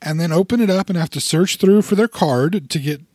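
A fairly high-pitched man talks through an idea in a relaxed podcast chat. He restarts his phrases, repeats words and builds everyday scenarios to make his point. The sound is dry and close, with no room around it. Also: brisk, no room sound. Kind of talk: casual explanatory chat.

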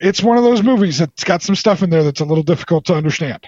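A man with a slightly high, darkish, expressive voice talks quickly as he rambles excitedly about movies in a casual chat, teasing in a playful way. The recording is dry, lo-fi, and a bit dull.

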